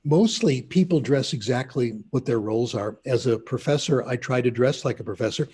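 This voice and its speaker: A man's voice: medium pitch, moderate pace, mellow, a little hiss or hum. An older man, a linguist being interviewed, telling anecdotes in a chatty, casual way. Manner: chatty anecdotal storyteller, laughs at himself. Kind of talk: casual storytelling.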